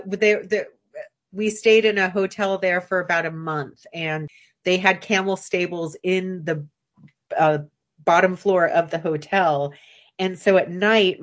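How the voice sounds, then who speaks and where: A low-pitched woman, a writer from the United States, talks as a guest on a radio interview. She recalls stories in a reflective, anecdotal way. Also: a bit bright.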